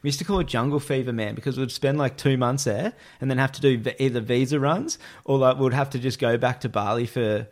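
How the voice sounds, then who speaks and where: Australian man, relaxed guest, loose slangy storyteller, mid-pitched voice. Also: brisk, hardly any pauses. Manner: laid-back, slangy, rambling. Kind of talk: casual storytelling.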